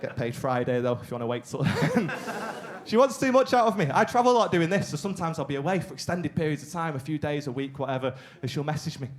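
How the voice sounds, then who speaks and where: Animated stand-up comic. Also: male voice, a little high, fast. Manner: animated storytelling, acting out both sides of conversations. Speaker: stand-up comedian. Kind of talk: stand-up comedy set. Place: theatre stage with live audience. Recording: live theatre recording with audible background noise.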